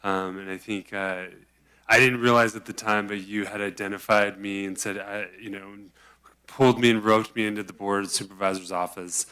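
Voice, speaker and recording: Emotional man with a bright voice. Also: lowish voice, little pitch movement, normal speed, clear, resonant tone. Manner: heartfelt, emotional, rambling. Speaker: county board office staffer. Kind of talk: public comment tribute. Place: county board meeting chamber.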